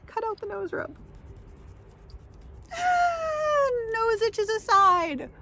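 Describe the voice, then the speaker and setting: Giggly rambling woman, lively pitch. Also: very slow, a little hiss or hum. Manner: giggly, trips over words and restarts. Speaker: vlogger. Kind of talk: rambling casual vlog talk.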